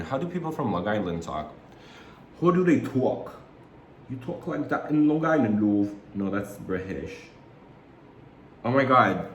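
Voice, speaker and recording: A man chatting through a makeup tutorial at home, gossipy and rambling, with sudden loud squeals. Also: lowish voice, slight background noise. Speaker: makeup vlogger. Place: room at home, alone. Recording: echoey room, faint ambience.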